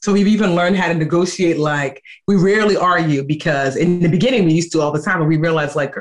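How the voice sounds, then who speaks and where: A woman in her thirties talking casually as a guest, lively and expressive, slipping into other people's voices as she tells stories. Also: quick pace, few pauses. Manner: animated storyteller, acting out quoted voices with big pitch jumps. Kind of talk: casual conversation.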